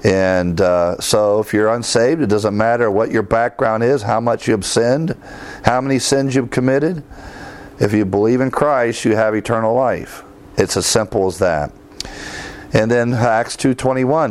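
A man's voice: on the low side, a little slow. Man teaching theology, quoting scripture. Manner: reads verses aloud with emphasis, conversational asides. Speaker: Bible teacher. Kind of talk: theology lecture.

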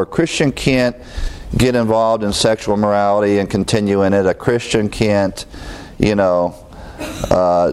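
A man's voice: lowish voice, darkish tone. A man preaching a sermon in a conversational way. He repeats key phrases for emphasis and acts out little everyday scenes in other voices.

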